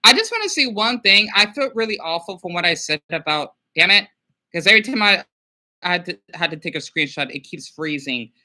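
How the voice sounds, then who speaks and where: A man's voice: fairly high pitch, brisk, sharp tone. A man chatting casually on a video call through a laptop mic, rambling, with many restarts and trailing thoughts. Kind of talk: casual chat. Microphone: laptop microphone.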